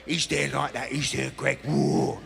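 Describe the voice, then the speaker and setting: A man's voice: mid-range voice, steady tone, unhurried, vocal fry, fairly bright tone. A male stand-up comedian with a British accent telling stories in a wry style during a routine. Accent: British English. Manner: wry storytelling. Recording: live stand-up in a large hall.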